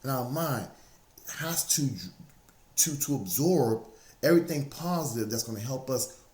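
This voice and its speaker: A motivational speaker talks a little slowly in an animated, mid-range voice with a darkish tone. His casual, faith-based message relies on repeating key phrases over and over, and the room sound is echoey and spacious.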